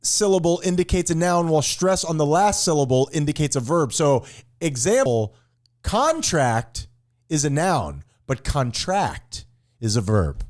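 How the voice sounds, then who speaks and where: A man co-hosting a casual comedy podcast, playful and prone to sudden loud mock outbursts. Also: fairly high pitch, expressive, normal speed. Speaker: podcast co-host.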